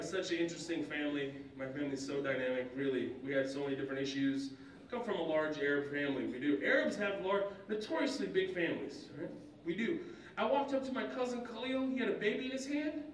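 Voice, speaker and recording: A young adult man from Kuwait doing an animated stand-up comedy set in a conference center banquet hall, slipping into character voices. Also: quick pace. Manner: animated, jumps into high-pitched character voices. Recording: roomy hall, distant mic, faint noise.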